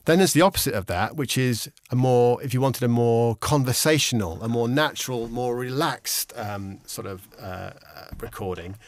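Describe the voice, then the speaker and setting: Relaxed man explaining studio technique. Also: medium pitch, moderate pace, hardly any pauses, dry recording. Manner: relaxed, explanatory, many ums and restarts. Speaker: instructor. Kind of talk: casual instructional explanation. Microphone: studio condenser microphone with pop shield.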